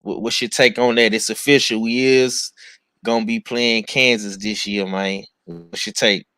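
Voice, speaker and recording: Casting: relaxed male host, lowish voice, drawling and repetitive, dry close mic. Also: unhurried, clear, resonant tone, dry recording. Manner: laid-back, drawling, repeats himself. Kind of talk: casual sports chat.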